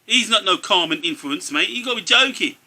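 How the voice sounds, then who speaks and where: A man's voice: high-pitched, animated, fairly quick, pushed and bright. A middle-aged man, a father ranting about football in casual banter, tacking "mate" onto nearly every phrase. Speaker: co-host, father.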